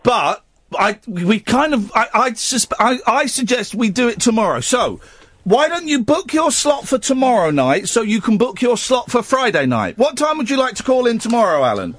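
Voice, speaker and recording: A man's voice: extremely high pitch, sing-song, normal speed, fairly bright tone, no room sound. A man hosting a late-night radio phone-in from the studio, bantering playfully with callers. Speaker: radio host.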